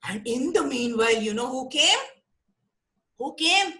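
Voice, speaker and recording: A woman with an Indian English accent telling a story to children on a video call, animated and asking them questions. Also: sits high, measured pace.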